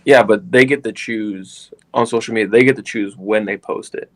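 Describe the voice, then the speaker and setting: A man's voice: fairly low pitch, moderate pace, a bit bright. A young man co-hosting a podcast in casual chat, earnest and rambling with lots of fillers.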